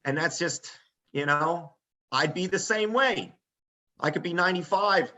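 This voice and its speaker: Animated storytelling man, bright voice. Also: a little high, a little slow. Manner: animated, acts out quoted voices. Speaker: podcast guest. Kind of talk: casual storytelling. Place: front porch.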